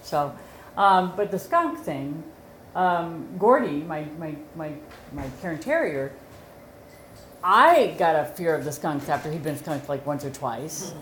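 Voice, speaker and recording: Chatty lower-voiced woman, echoey room. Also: slow pace, slight background noise. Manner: chatty, explains patiently, animated storyteller. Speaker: dog trainer and co-host. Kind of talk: casual chat.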